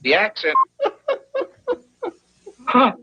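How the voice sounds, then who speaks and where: A man's voice: sits high, very animated, extremely slow, sharp tone, husky, no echo, muffled recording, full character voice. An actor playing an exasperated male director calling takes in an old TV commercial. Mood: fed up. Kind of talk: 1960s TV commercial.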